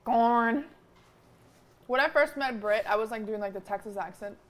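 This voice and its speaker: A woman's voice: mid-range voice, fast talker. A woman streamer chatting bluntly and swearing freely over dinner at home, with dishes clinking. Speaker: streamer co-host. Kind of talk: casual dinner chat on stream.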